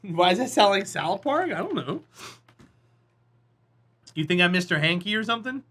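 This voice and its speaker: Bright-voiced, chatty male game streamer. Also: high-pitched, big pitch swings, moderate pace. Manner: chatty, encouraging, talks to viewers. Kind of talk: casual live-stream chat.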